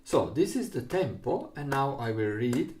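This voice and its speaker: A man's voice: mid-range voice, big pitch swings, a little slow, darkish tone, a little hiss or hum. A man with an Italian accent, an Italian speaker teaching a recorder lesson in simple English, patiently explaining step by step. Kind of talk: music lesson.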